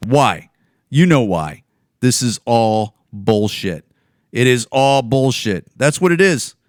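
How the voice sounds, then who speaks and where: A man's voice: medium pitch, expressive, slow pace, no echo, studio quality. A man in his forties from the Chicago area, hosting a podcast and ranting angrily with lots of swearing and repetition. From Chicago area, USA. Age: 40s. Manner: angry, profane, repetitive. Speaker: podcast host.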